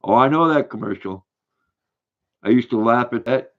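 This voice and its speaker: An older man, hosting a casual livestream, rambling and halting as he reads viewer comments aloud. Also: mid-range voice, phone-quality sound. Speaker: livestream host reading chat.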